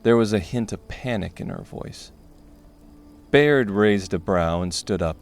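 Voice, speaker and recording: A man narrating a dark fantasy audiobook in a steady, measured way. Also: lowish voice.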